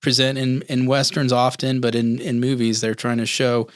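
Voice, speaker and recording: Man from Montana, halting panel talk. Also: mid-range voice, completely flat delivery, clear, resonant tone, no echo, studio quality. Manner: halting, many restarts. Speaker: podcast panelist. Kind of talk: casual panel discussion.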